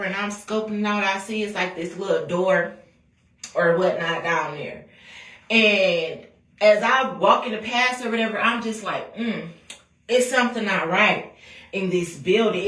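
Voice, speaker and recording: A woman telling a story about her own family, talking bluntly with lots of swearing and animated retelling. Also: mid-range voice, moderate pace. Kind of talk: casual storytime rant. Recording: echoey room, voice a bit far from mic.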